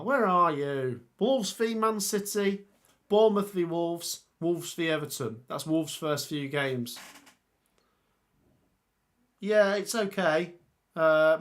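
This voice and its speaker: A man's voice: fairly high pitch, a bit bright. A young man hosting a casual live stream, thinking aloud about football fixtures and reading out viewer comments. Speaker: football channel host.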